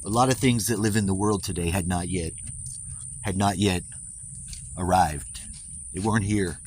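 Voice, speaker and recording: A man in an American accent telling a rambling story while walking outdoors, playful with crude asides and drawn-out dramatic phrasing. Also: low-pitched, darkish tone, a little hiss or hum. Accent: American, put on.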